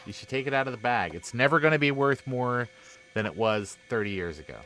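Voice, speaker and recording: A man's voice: medium pitch, animated, fairly quick, fairly bright tone, slight background noise, rough recording. A man in a casual group chat who jokes around and rambles. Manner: joking, rambling.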